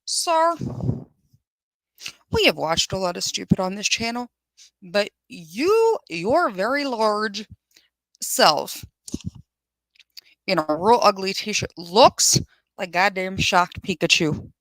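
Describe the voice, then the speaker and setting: A woman hosting a live show in a blunt, sarcastic voice that stays in a middle pitch. She swears freely and chats straight back to viewers. The sound is dry and close, with no room around it. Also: very animated, takes it slowly, long pauses, a bit bright, no echo, poor audio. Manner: chatty, reads viewer comments aloud. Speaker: host of a firearms channel. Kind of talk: casual live commentary.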